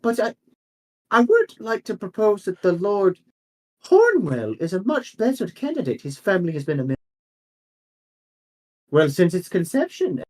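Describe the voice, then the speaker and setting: Figure: a man doing a snooty high-voiced guild snob. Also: wildly swooping pitch, a little slow, long pauses, darkish tone, exaggerated voice. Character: snobbish male guild member, pedigree-minded.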